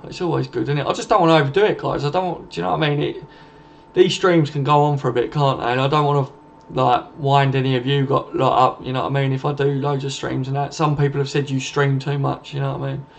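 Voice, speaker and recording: Gravelly man chatting on a live stream. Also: medium pitch, flat delivery, fast. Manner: reads viewer comments aloud and answers them, swearing freely. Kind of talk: casual late-night live-stream chat. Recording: dull lo-fi stream audio with faint noise.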